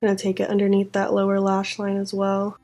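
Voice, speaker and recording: A woman's voice: mid-range voice, completely flat delivery, fast, mellow, faint music behind. A young woman chatting through a makeup tutorial, self-critical and easily frustrated. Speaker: beauty vlogger.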